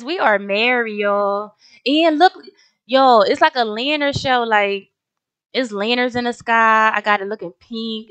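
A woman's voice: a little high, a bit bright, clear, resonant tone, dry recording. Chatty young woman narrating her gameplay. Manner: chatty, slangy, addresses viewers as y'all. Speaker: gaming video host. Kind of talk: casual gameplay commentary.

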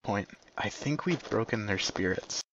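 Low-voiced man calling game orders. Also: animated, a bit bright, a little hiss or hum. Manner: brisk, polite, slightly apologetic. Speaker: squad commander in a team game. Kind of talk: quick tactical voice-chat callouts. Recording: dull lo-fi mic capture.

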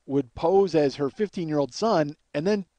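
A man's voice: a little high, moderate pace, no echo. A man hosting a show as a comedian, telling a flustered, swear-laden comic story in a casual monologue. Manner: animated, swears freely, flustered retelling. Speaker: comedian host.

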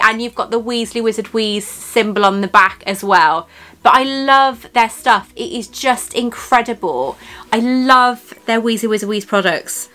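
A woman chats her way through an unboxing at home, gushing over every item and laughing easily. Her voice sits a little higher than most women's. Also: fairly bright tone. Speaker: YouTube host. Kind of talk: casual unboxing vlog chat.

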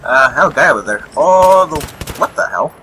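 Over faint game gunfire, vehicles and explosions, a young man with a fairly high, sharp, animated voice narrates his gameplay live at normal speed. He rambles, swears and chuckles at enemies; the audio is poor with slight background noise.

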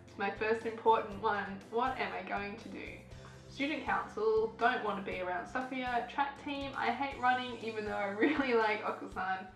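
A woman's voice: on the high side, normal speed. A woman hosting a casual let's play, chatty and giggly as she reads the game text aloud. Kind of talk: casual gameplay commentary. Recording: echoey room with background music.

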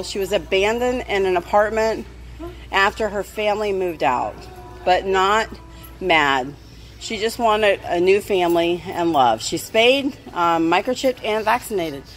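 In a casual pet vlog, a dog-owning woman narrates a pet store outing for her viewers. She's cheerful and affectionate, switching to a high voice whenever she talks to her dogs.

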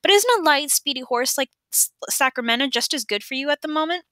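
Cheeky ten-year-old girl, high eager chatter, bright tone, read by a woman. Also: animated, fairly quick, dry recording. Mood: coaxing.

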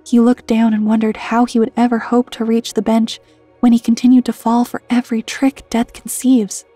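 A woman reading a scripted horror story in a hushed voice that keeps slipping into whispers. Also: a little high, little pitch movement, normal speed, no echo. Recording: dry close mic with soft music underneath.

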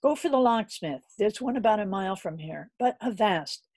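Woman putting on an older landlady, brisk, scolding, indignant, mellow breathy voice. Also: medium pitch, lively intonation, no room sound, pitched above the performer's own voice.

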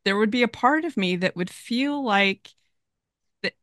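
Woman, podcast host, bright tone, casual frank chat, dry sound. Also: fairly high pitch, lively intonation, measured pace, no echo. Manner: chatty, frank, laughs easily. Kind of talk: casual conversation.

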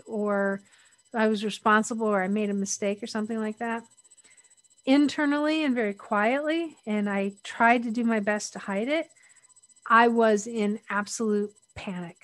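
A woman's voice: on the high side, no room sound. A middle-aged woman speaking as an interview guest, candid and reflective, often restarting her sentences.

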